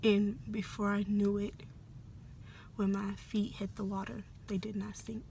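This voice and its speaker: A young adult woman telling a personal story in a soft, hesitant, often half-whispered way, with many fillers. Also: medium pitch, little pitch movement, unhurried, slight background noise. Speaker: vlogger.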